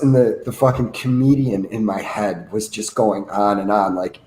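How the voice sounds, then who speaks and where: A man's voice: medium pitch, expressive, moderate pace, darkish tone, slight background noise. Joking man in an echoey room. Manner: joking, rambling storyteller with restarts. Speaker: podcast co-host. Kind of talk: casual storytelling chat.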